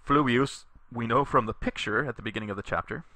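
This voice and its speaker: A man teaching a Latin lesson in a recorded tutorial, reading sentences slowly for learners to repeat and explaining patiently with a few fillers. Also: mid-range voice, sharp tone, no room sound. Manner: slow, deliberate reading aloud for learners to repeat.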